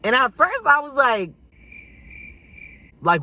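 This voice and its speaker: A young man telling a casual storytime vlog in a sassy, dramatic way. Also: moderate pace. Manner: animated, sassy, dramatic delivery with big swings in pitch. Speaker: storyteller vlogger.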